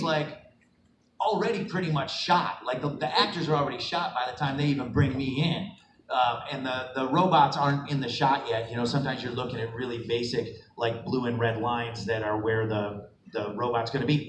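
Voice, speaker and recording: Middle-aged man telling stories at a convention panel. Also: fairly high pitch. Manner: animated, laughing, acts out quotes. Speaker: panel guest voice actor. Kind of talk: convention Q&A storytelling. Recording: echoey hall recorded from far off on a phone, noisy.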